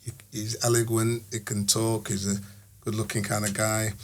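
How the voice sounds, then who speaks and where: A middle-aged man, a podcast guest telling lively anecdotes in casual chat and often repeating words. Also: lowish voice, moderate pace. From Sheffield, England.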